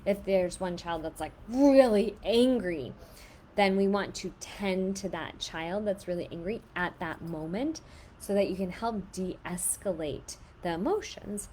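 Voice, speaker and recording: Woman, mid pitch, giving casual advice, says like a lot, calm explaining, faint hum behind. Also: a little slow. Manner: conversational, many filler "like"s, calm explaining. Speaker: host and parent giving advice.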